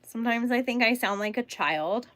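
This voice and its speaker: A woman's voice: a little high, normal speed, fairly bright tone, no room sound. A young woman from California with a Californian accent, hosting a casual crochet livestream, chatting bubbly with viewers and laughing often. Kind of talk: casual live-stream chat with viewers.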